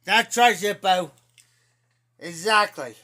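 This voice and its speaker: High-pitched, bright and forceful, this Ohio-accented man speaks slowly as he rambles through a profane story for his stream chat. He keeps it casual and repeats himself a lot.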